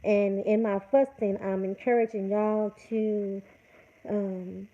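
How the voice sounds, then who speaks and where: A woman's voice: mid-range voice, steady tone, slow pace, mellow. A woman hosting a livestream, scolding her chat in an emphatic, repetitive rant. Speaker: livestream host. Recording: tinny phone-like audio.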